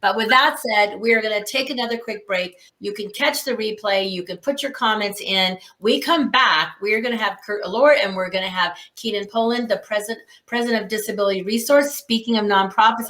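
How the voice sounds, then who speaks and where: A woman's voice: mid-range voice, fairly quick. A woman hosting a community talk show, encouraging her guest and running the breaks. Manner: warm, encouraging, gushing. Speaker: host. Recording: echoey room.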